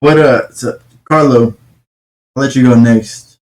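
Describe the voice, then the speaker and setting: A man hosting a casual livestream chat, relaxed, joking and quick to laugh. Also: mid-range voice. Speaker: host.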